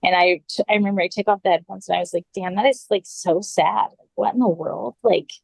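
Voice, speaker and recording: A woman's voice: mid-range voice, fairly quick, gravelly, darkish tone, no room sound, poor audio. A woman guest on a podcast, recounting a personal story casually, full of "like" and acted-out quotes.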